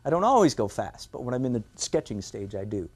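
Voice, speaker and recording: A man's voice: medium pitch, big pitch swings, fairly quick, darkish tone, breathy edge. Older man teaching drawing, playful. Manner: playful, self-mocking, rhetorical asides. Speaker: art instructor. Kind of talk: drawing lesson demonstration.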